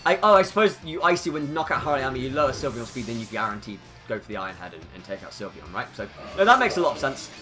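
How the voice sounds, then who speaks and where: A man giving excitable live commentary over his own competitive video game battle. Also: medium pitch, fast talker, few pauses, over music. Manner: excitable, hyping up big plays.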